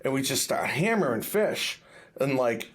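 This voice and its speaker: A man hosting a fishing podcast, telling stories in an animated, casual way with salty language. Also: mid-range voice, a little slow. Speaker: podcast host and fishing guide. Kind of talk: casual chat.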